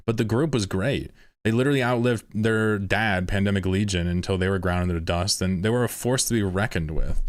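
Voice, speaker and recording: Exasperated low-voiced man streaming. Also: brisk, dry recording. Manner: exasperated, swearing, reads posts aloud. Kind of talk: casual commentary.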